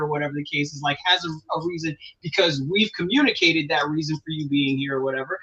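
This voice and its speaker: High bright man arguing on lo-fi radio. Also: fairly even intonation, fast talker, few pauses. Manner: rhetorical questions, pressing his point. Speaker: radio show host. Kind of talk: argumentative talk radio. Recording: dull lo-fi sound.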